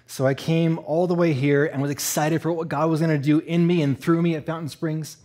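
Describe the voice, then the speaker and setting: A man from Eastern Canada telling a personal story in a sermon, animated and laughing, acting out the voices. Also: a little high, fairly quick. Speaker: church speaker.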